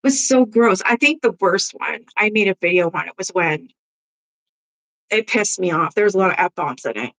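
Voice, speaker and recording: A woman's voice: mid-range voice, animated, normal speed, fairly bright tone, poor audio. A woman chats on a live stream in a mid-range voice, blunt and foul-mouthed. She laughs often between remarks and turns aside to greet and answer her viewers. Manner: blunt, profane gossip with frequent laughs; reads and answers viewer comments. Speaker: livestream host. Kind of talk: casual live-stream chat.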